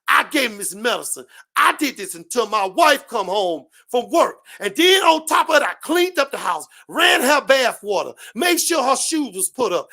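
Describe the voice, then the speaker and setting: A man with an extremely high, gravelly voice appears as a guest on a live-stream panel, shouting an impassioned political rant. He's preachy and repetitive, and he swears heavily throughout.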